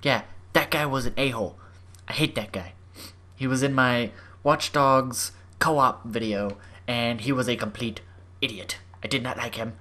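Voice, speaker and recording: A young adult gaming YouTuber giving excitable let's-play commentary, gushing and swinging from squeals to murmurs. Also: medium pitch, measured pace.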